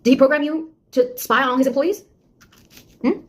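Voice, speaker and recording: A woman's voice: high-pitched, normal speed, lightly acted. An actress playing a sarcastic young woman, a beta tester who mocks and scolds a nosy AI in a one-sided audio drama. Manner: mocking, taunting, exasperated.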